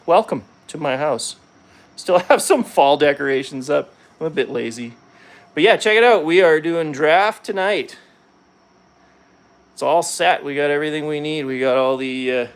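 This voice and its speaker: Relaxed, chuckling Albertan guy opening cards. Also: mid-range voice, clean tone. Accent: Albertan Canadian English. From Calgary, Canada. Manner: laid-back, chuckles often, talks to chat viewers. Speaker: card-opening YouTuber. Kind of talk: casual pack-opening chat.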